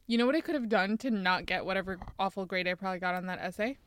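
A woman's voice: medium pitch, clear, resonant tone. Chatty young woman co-hosting a podcast. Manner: chatty, casual swearing, quick asides. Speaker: podcast co-host. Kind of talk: casual chat.

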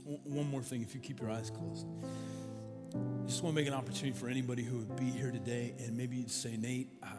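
A man preaching as a pastor, leading his church in prayer with earnest, building repetition. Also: medium pitch. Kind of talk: sermon and prayer. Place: large church with balcony. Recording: long church reverb with music.

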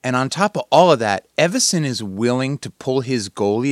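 A man's voice: mid-range voice, lively intonation, normal speed, no echo, clean studio sound. A tired man hosting a casual sports podcast, rambling and joking at his own expense. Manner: jokey, meandering, self-deprecating. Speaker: podcast host.

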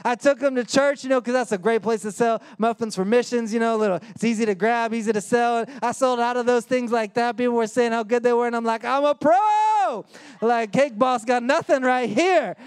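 High-voiced man preaching. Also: fast, hardly any pauses, smooth. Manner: animated, acts out voices in his story. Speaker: pastor. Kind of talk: sermon with storytelling.

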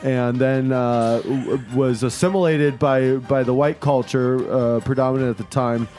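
A man's voice: medium pitch, steady tone, a little slow, a little mellow, soft background music. A man playing along in a casual quiz, making joke guesses and stalling with many fillers. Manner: jokey, hesitant with many fillers. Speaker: quiz contestant. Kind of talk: casual quiz game chat.

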